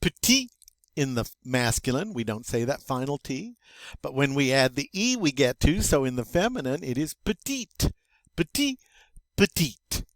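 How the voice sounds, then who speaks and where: An older man teaching a French vocabulary review, slow and patient, with wry self-deprecating asides. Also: medium pitch, lively intonation, dry recording.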